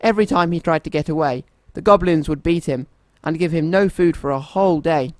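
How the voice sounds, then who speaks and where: A man reading a children's story aloud in a gentle, expressive storytelling manner. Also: fairly high pitch, a little fast, no room sound.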